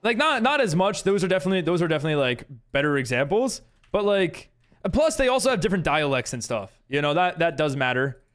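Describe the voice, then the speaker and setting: A man's voice: a little high, animated, fast talker, fairly bright tone. A man streaming a game live, chatting casually with viewers and reading chat aloud in a rambling way full of fillers.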